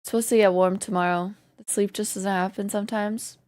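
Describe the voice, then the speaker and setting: A woman streamer chatting casually with her viewers, greeting them and laughing often, her voice slightly hoarse. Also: medium pitch, steady tone, a little fast, darkish tone, no room sound, clean studio sound. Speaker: live streamer. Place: home in Canada.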